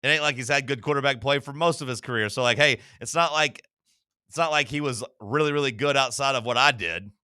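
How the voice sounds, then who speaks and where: A sports talk co-host with a bright, forceful and crisp voice, recorded dry and close. He rambles along in animated, casual banter, slipping in mock quotes as he goes. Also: mid-range voice, a little fast, no echo.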